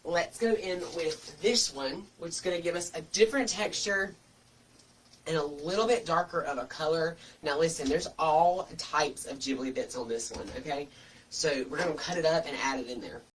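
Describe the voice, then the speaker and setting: A man's voice: a little high, normal speed, a bit bright, far from the mic, rough recording. A man talks through a craft tutorial in a chatty, homespun way. He sits a little back from the microphone. A light hiss of background noise runs under his voice. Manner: chatty and folksy, full of homespun comparisons. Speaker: wreath-making host.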